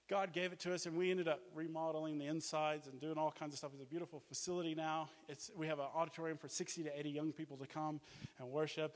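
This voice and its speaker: A middle-aged man and missions base director preaching a testimony in an animated storytelling style, with laughs and exclamations. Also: on the high side. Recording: long reverb of a hall.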